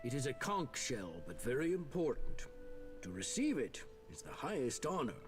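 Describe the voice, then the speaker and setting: A man voicing a booming jovial noble. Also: big pitch swings, moderate pace, music in the background, lightly acted. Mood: boastful. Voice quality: booming, theatrical storyteller. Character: jovial portly middle-aged male noble, former royal bodyguard. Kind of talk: video game voice acting.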